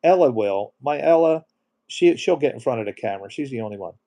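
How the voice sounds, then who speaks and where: Middle-aged male live stream host; warm low-key tone, emotional, reads viewer comments aloud. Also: expressive, brisk, vocal fry. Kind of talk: casual live stream chat.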